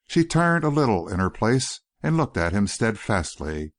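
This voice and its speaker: A male audiobook narrator reads a script expressively in a low voice. He keeps a moderate pace with hardly any pauses. The recording is dry and studio quality.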